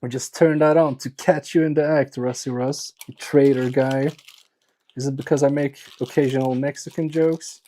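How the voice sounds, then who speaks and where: A man's voice: mid-range voice, fairly even intonation, moderate pace, mellow, a little hiss or hum. A man chatting casually on a live stream while repairing electronics, joking and teasing his viewers in a self-mocking way.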